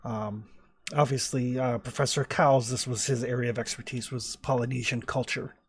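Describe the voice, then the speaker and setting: A man's voice: mid-range voice, steady tone, normal speed, husky. A man narrating as game master in a tabletop game, in a loose, rambling way with many fillers.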